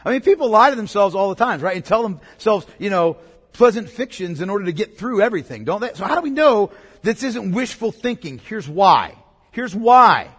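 A man's voice: high-pitched, big pitch swings, normal speed, a bit bright, slightly rough. A man preaching a sermon in an emphatic way, repeating key words and asking the congregation questions. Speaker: pastor. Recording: long reverb of a large hall.

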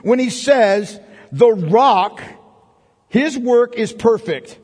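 A man preaching an expository sermon, emphatic, with rhetorical questions that build to forceful peaks. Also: extremely high pitch, animated, very slow, breathy edge, in a large hall.

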